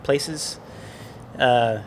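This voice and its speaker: A man's voice: mid-range voice, extremely slow, slight background noise. A man co-hosting a casual talk show, telling a rambling, self-deprecating story with lots of restarts, recorded indoors in a gym. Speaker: podcast co-host.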